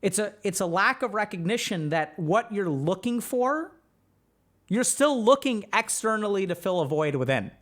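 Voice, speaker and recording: A man hosting a livestream as a mental health coach, talking through advice in an animated way full of rhetorical questions and a frequent "right?". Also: high-pitched, moderate pace.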